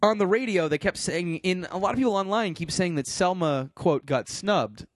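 A man's voice: high voice, moderate pace, no room sound. A man co-hosting a podcast in casual chat, incredulous and full of fillers and swearing. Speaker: podcast co-host.

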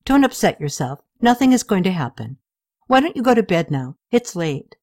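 A woman voicing a calm, scheming queen. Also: mid-range voice, moderate pace, dry recording, clean studio sound. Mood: soothing. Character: middle-aged queen, scheming but gentle.

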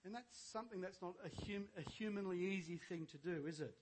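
An older male pastor giving a sermon, moving between quiet conversational asides and loud, shouted preaching, with jokes and stories along the way. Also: high voice, a little fast, slight background noise.

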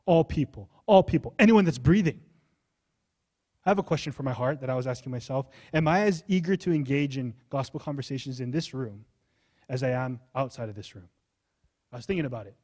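A male pastor preaching a sermon in a church, impassioned, moving from hushed to high pleading.

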